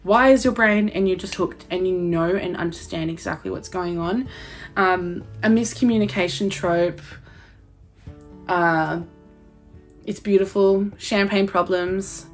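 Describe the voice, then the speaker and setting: A young Australian woman chatting excitedly about her favourite books, gushing and swearing casually. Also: on the low side. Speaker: book vlogger. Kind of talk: casual chat.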